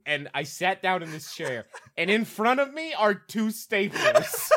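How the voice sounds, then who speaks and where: A man's voice: sits high, very animated, measured pace, pushed and bright. A young man, a podcast co-host, telling stories in casual chat while laughing and swearing a lot.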